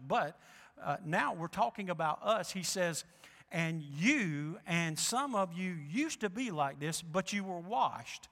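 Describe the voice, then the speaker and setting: A man's voice: a little high, fairly bright tone. A male pastor preaching a sermon, emphatic and drawing out key words, in a church sanctuary. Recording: reverberant hall.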